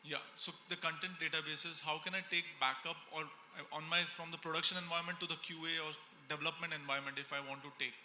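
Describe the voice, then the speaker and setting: Man, audience question, rephrases as he goes, bright voice, roomy echo, long hall reverb. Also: on the high side, fairly even intonation, fast talker, hardly any pauses. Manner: searching, rephrasing as he asks. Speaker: audience member asking questions. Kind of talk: technical Q&A. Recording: echoey conference hall, faint noise.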